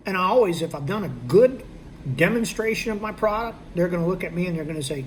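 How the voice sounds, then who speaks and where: A man's voice: high-pitched, fast, creaky, slight background noise. A man teaching a sales technique in a conversational way, checking in with his listeners as he goes and acting out both sides of a sales conversation. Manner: conversational, checks in with "okay?" and "all right?". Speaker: sales trainer. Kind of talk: instructional talk.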